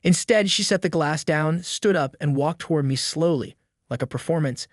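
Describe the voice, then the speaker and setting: A man's voice: a little high, moderate pace, dry recording. Somber male story narrator, dry sound. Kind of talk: scripted first-person story narration.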